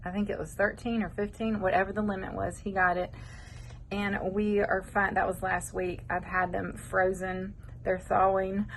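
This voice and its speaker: A woman's voice: medium pitch, little pitch movement, moderate pace, a little hiss or hum, rough recording. A middle-aged woman, chatting casually and rambling off topic as she cooks in her home kitchen. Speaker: home cooking vlogger. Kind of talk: casual cooking chat.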